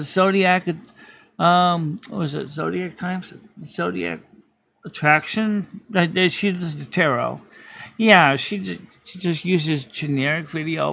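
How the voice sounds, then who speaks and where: Man, fairly high voice, gravelly edge, rambling casual stream chat. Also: fairly bright tone. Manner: rambling, with many restarts and self-corrections. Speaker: live stream host.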